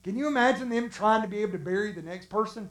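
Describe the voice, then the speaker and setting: A preacher in full sermon mode, swinging from booming shouts to near-whispers as the stories play out. The voice is neither high nor low and rings with a roomy echo. The delivery is lively and theatrical. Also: fast talker. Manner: animated, acts out the stories with shouts and drops to a hush.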